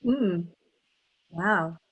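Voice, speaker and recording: Middle-aged lady dialect coach chatting away, kinda low voice, lots of ums and restarts. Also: very slow, a bit bright, breathy edge. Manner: chatty, thinks aloud with many restarts and ums. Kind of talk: casual interview conversation.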